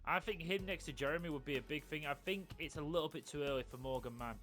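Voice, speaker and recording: A man's voice: fairly high pitch, quick pace, a bit bright, soft background music. A man giving chatty, rambling commentary over a football video game. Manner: chatty, rambling, with frequent restarts. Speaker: gaming channel host.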